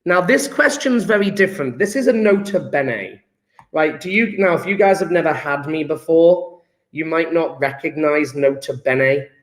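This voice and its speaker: A young man teaching a chemistry class in a chatty, excitable way, full of self-mocking asides. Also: a little high, normal speed. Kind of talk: live online class lesson.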